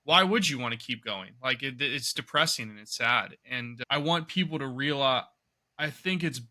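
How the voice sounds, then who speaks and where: A man's voice: mid-range voice, moderate pace, sharp tone. A man from the United States, a guest on a podcast, speaking in an earnest, reflective way. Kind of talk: podcast interview.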